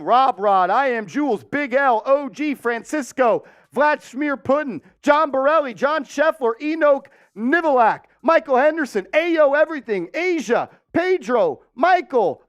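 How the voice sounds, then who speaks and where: A man hosting a casual live stream with a high, smooth voice. He talks slowly and warmly and calls out his viewers one by one. The sound is close and dry. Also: no echo. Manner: warm-hearted, giving viewers shout-outs. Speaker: sports show host.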